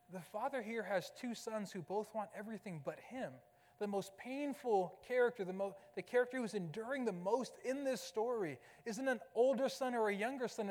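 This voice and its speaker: A man's voice: sits high, darkish tone, in a large hall. A man preaching a sermon as pastor, talking conversationally and posing rhetorical questions to the congregation. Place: church sanctuary.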